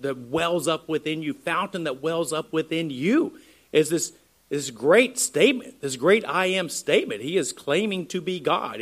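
Male pastor, slightly high voice, earnest sermon delivery with rhetorical questions.

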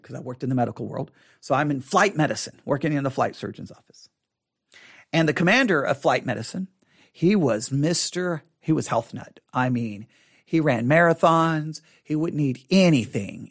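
A middle-aged man from Texas with a Texan accent, teaching a Bible study in a conversational way, often repeating and restarting his words as he leans into key points. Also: a little high. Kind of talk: informal Bible study teaching with personal stories.

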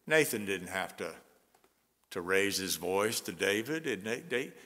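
Male pastor, unhurried sermon, earnest, long church reverb. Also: deep voice, expressive. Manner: earnest, conversational preaching with soft chuckles. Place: church sanctuary.

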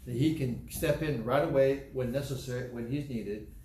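A man preaching a sermon, earnest and deliberate, repeating key phrases slowly for emphasis. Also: mid-range voice, darkish tone. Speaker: pastor. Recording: echoey room with faint background noise.

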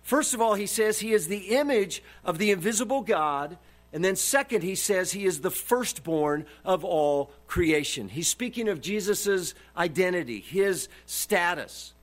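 A man's voice: high voice, expressive, measured pace. A man preaching a sermon, emphatic and repeating his key phrases for stress. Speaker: pastor.

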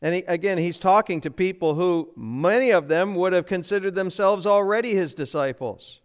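High, resonant male preacher. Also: normal speed. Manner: emphatic preaching with rhetorical questions to the congregation. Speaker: pastor. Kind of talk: sermon. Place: church sanctuary.

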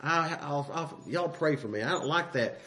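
In an expressive, rather high voice with a sharp tone, a man preaches at a moderate pace. His sermon is folksy and conversational, with King James scripture read aloud emphatically and frequent asides and self-corrections.

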